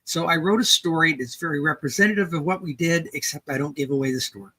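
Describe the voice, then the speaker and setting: An older woman author telling a story in casual conversation, animated, acting out dialogue with some restarts. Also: sits low, fast, slightly rough.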